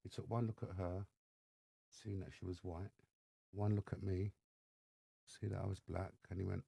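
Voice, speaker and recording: A man with an English accent, a podcast guest telling his life story in lively fashion and acting out the voices of others. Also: low voice, normal speed, creaky, long pauses, breathy edge, dry recording, studio quality. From England. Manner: animated storyteller acting out dialogue. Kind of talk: storytelling interview. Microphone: studio microphone.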